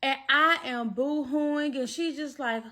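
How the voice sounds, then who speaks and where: A woman telling a storytime vlog, animated and talking straight to her viewers. Her voice is bright and forward. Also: mid-range voice, measured pace. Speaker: vlogger.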